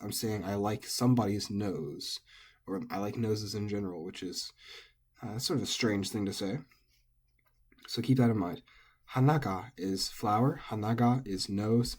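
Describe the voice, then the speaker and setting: A man casually and methodically explaining Japanese pitch accent word by word as a language teacher. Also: dark tone, breathy edge.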